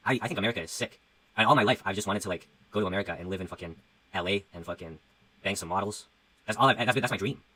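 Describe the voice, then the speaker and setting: A man's voice: low voice, a bit bright, poor audio. A young man who talks casually and profanely as he rambles on a livestream, reading out donations and musing about his music. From Canada.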